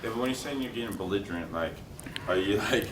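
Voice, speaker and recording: A man's voice: on the low side, fast talker, fairly bright tone, breathy edge, low-quality recording. A male interviewer who asks short questions and gives brief backchannel replies.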